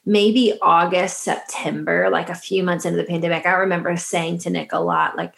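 Southern lady on a podcast, chatty and animated, laughs a lot. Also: on the low side, creaky, reverberant. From American South. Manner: animated, laughs often, quick back-and-forth. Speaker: podcast co-host. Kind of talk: casual chat.

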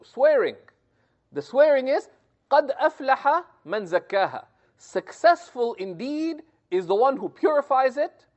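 A man's voice: very high-pitched, dull audio. A man teaching a scripture commentary lesson, explaining step by step and often checking in with "right?". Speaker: religious teacher.

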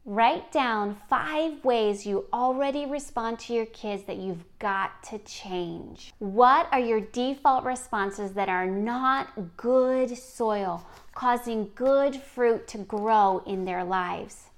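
A woman's voice: a little high, slow, hardly any pauses. A woman hosting a podcast, speaking earnestly and encouragingly straight to the listener in a scripted monologue. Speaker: podcast host.

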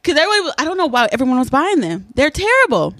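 A woman's voice: high voice, big pitch swings, racing, a bit bright, dry recording. A woman co-hosting a podcast, chatting casually in a blunt, joking, profane way. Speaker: podcast co-host. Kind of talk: casual chat.

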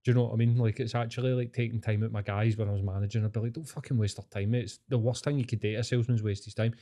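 A man's voice: on the low side, little pitch movement, racing, dark tone. Sweary Scottish man telling rambling stories. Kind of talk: casual chat.

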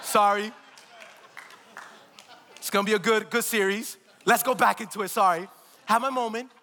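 High, bright-voiced man preaching in a hall. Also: fairly even intonation, normal speed. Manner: emphatic, repetitive preaching with call-outs to the congregation. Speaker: pastor. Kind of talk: live church sermon. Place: church sanctuary. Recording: long hall reverb.

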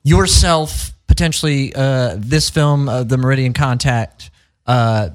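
A man's voice: mid-range voice, measured pace. A man with a mid-range voice hosts a casual podcast. He steers the talk with questions, dotted with uhs. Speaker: podcast host.

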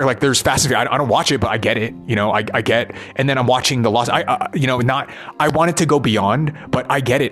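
A man's voice: medium pitch, fairly bright tone. Man rambling with restless, broken-off thoughts. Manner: rambling, restarts, frequent "right?". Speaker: musician and performer. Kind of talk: rambling monologue.

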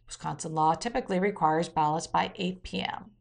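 A woman's voice: on the low side, a little fast, gravelly. A woman hosting a weekly news roundup, reading out quotes and adding blunt opinion asides. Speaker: news commentary host.

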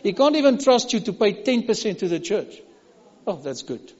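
High-voiced South African pastor preaching. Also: male voice, expressive, normal speed, in a large hall, dull audio. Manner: emphatic, repetitive preaching with sudden drops to a hush. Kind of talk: sermon.

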